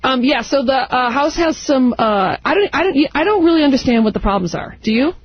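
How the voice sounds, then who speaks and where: A woman guest on a comedic talk radio show, quick, animated and teasing. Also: high voice, dry recording. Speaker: celebrity guest. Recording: dull lo-fi radio broadcast.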